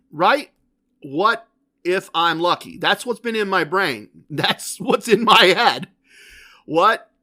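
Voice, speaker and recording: A man's voice: high voice, sharp tone. A man hosting a podcast, telling a rambling, self-questioning story in a casual solo monologue. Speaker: podcast host.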